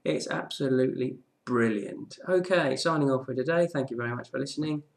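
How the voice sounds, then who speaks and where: A man's voice: medium pitch, fairly quick, vocal fry. A man presenting a casual daily property market news update, chatty, with frequent "okay"s and restarts.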